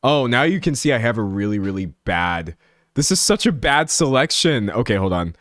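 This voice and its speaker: Lively, self-mocking young male streamer. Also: mid-range voice, normal speed, dry recording, clean studio sound. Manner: self-deprecating, chatty, laughs often. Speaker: livestreamer. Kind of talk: casual live-stream chat while editing.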